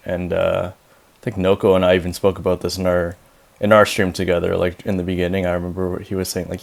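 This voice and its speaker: Male host, very low voice, loose and chatty, filler-heavy. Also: flat delivery, fairly quick, vocal fry. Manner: rambling, filler-heavy, upbeat. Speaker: podcast host. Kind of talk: casual interview chat.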